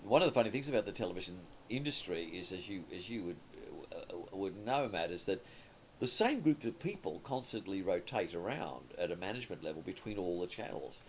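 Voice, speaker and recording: A man's voice: sits low, very animated, fairly quick, a little hiss or hum. A man in his sixties with an Australian accent, a comedy writer and producer telling stories as an interview guest, rambling and restarting often. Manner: rambling anecdotal storytelling with frequent restarts. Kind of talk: conversational interview.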